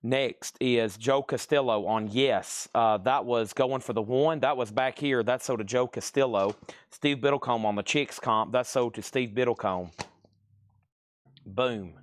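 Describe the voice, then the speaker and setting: A man hosting a live-streamed record sale, listing items at a rapid clip and slipping into playful sales pitches. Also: no room sound, clean studio sound. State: out of breath. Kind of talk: live-stream auction patter.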